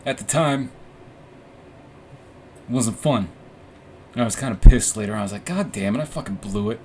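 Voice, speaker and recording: A man's voice: on the low side, normal speed, darkish tone, a little hiss or hum. A young man hosting a casual podcast, telling a long personal story in a rambling, profane, self-mocking way, full of restarts and fillers. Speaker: podcast host. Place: room with warm orange lighting.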